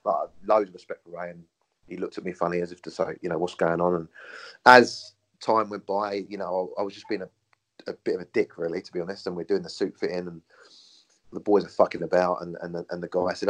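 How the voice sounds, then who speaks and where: A man's voice: low-pitched, little pitch movement, quick pace. A man, a former footballer, chatting casually and telling stories with frequent laughs and swearing. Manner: swears freely, laughs often, tells stories. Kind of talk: casual chat.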